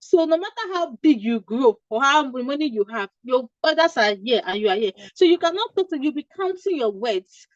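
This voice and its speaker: A high-pitched woman from Nigeria coaches nurses through interview prep in an emphatic, repetitive way, often checking in with "okay?". The recording sounds dry and a little dull. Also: animated, fairly quick, few pauses, dry recording. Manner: emphatic, repeats points, asks "okay?". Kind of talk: informal advice talk.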